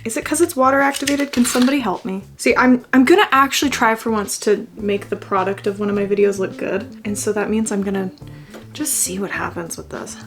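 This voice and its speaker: A woman's voice: medium pitch, a little fast, fairly bright tone, soft background music. A young woman in her twenties chatting casually through a makeup attempt, self-deprecating, swearing freely and slipping into mock-dramatic wails. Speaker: beauty vlogger.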